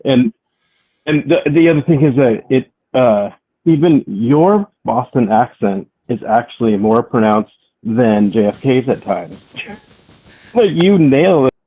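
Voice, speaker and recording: A man calling in to a live show, rambling and halting, often laughing as he talks. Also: mid-range voice, expressive, husky. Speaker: caller. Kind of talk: phone-in chat. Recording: tinny phone line.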